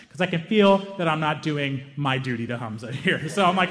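A young man telling a long comic story on stage, self-mocking and animated, with quick asides. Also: medium pitch, long reverb tail. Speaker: stand-up comedian. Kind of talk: stand-up storytelling.

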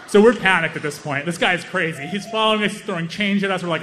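Animated stand-up storyteller, man. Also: high-pitched, in a large hall. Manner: animated, self-mocking, quick asides. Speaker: stand-up comedian.

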